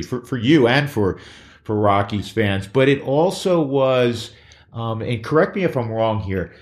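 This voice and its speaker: A male sports radio host interviewing a guest in a conversational way, leading into his questions. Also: medium pitch.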